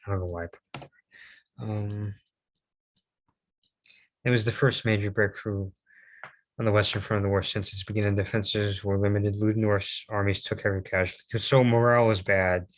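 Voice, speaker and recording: A man's voice: lowish voice, level tone, normal speed, long pauses. Hesitant young man presenting history. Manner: rambling, hesitant, many fillers and restarts; self-deprecating asides. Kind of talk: informal history presentation over a map.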